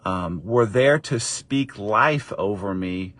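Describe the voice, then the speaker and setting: A middle-aged man and father telling a casual story to camera, lively and encouraging, jumping up in pitch when he acts out what others said. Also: takes it slowly, no room sound. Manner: animated, acts out quoted voices with high pitch jumps; encouraging, faith-based wrap-up. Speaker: father and faith vlogger.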